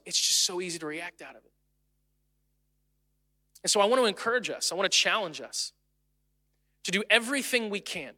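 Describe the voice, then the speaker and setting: Bright-voiced pastor in a reverberant hall. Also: male voice, high-pitched. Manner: conversational and self-deprecating, with animated storytelling. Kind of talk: sermon. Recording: long reverb of a large hall.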